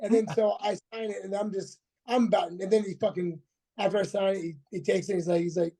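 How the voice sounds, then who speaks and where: A man's voice: high voice, fairly even intonation, quick pace, mellow, slightly rough. A man in his forties, a former fighter, telling a rambling, profane story as a podcast guest, full of restarts and acted-out quotes. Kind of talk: casual storytelling interview.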